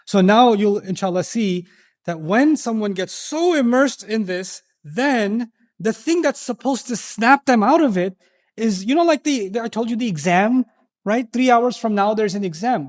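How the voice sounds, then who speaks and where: High-voiced animated male lecturer. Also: normal speed. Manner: animated, acts out quoted voices and asks rhetorical questions. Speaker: Islamic lecturer. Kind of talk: lecture on Quran verses to a live audience.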